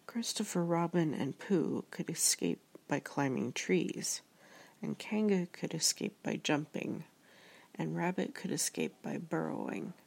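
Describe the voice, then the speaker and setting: A woman reading an audiobook with a low voice and a gravelly edge of vocal fry. She narrates in a measured, reflective way, giving each idea room. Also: darkish tone.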